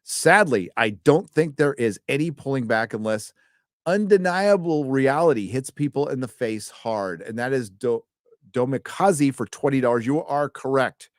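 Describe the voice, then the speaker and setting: A man's voice: mid-range voice, lively intonation, moderate pace, no room sound. Male live-stream host, casual and profane, trips over his words; dry close recording. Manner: loose and chatty, swears freely, often stumbles over words. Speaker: host reading donations.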